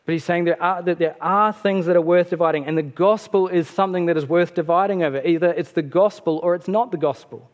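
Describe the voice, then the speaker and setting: A man preaching a sermon in a relaxed, conversational way, with fillers and self-corrections. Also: high voice, fairly quick, hardly any pauses. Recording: long hall reverb.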